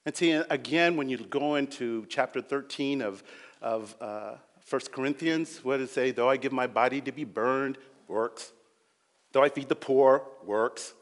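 A man preaching a sermon with earnest swings between loud emphasis and quiet passages, acting out quoted voices. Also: mid-range voice, unhurried. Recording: long hall reverb.

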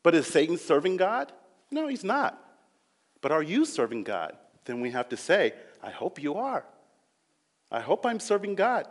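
A man preaching a sermon with earnest swings between loud emphasis and quiet passages, acting out quoted voices. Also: a little high, big pitch swings, normal speed. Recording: long hall reverb.

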